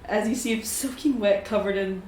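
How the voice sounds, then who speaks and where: A woman telling her character's scene in a tabletop role-play game, animated and laughing often. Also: mid-range voice, moderate pace, a little hiss or hum. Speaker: player narrating her character. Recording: echoey room with faint ambience.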